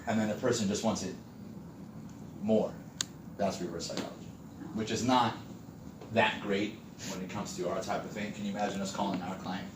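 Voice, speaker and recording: A man's voice: fairly low pitch, fairly even intonation, normal speed, pauses often. A man who works as a sales coach, telling stories in a conversational way and quizzing a live group during a training session. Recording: echoey room, distant mic, background noise.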